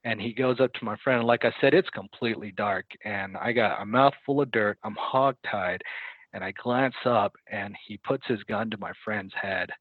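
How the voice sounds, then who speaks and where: A man telling a story in casual conversation as a podcast guest, halting and correcting himself as he goes, acting out what people said. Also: lowish voice, no room sound. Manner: halting, self-correcting retelling with quoted dialogue. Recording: dry, tinny phone-like line.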